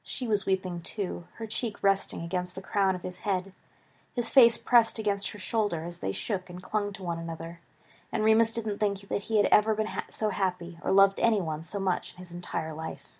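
A woman reads a story aloud, steady and expressive. Her voice is mid-pitched and breathy. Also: moderate pace. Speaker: reader. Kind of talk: reading fan fiction aloud.

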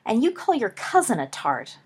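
Cocky teenage boy, voiced by a woman, cheeky, teasing, pitched up, storybook. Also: huge pitch swings, moderate pace, husky, full character voice.

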